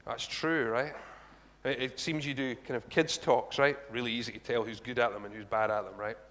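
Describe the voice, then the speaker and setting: A man giving a conversational sermon, animated and chatty, with asides to the congregation. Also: mid-range voice, moderate pace, a little hiss or hum. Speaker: preacher. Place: church hall. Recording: long reverb of a large hall.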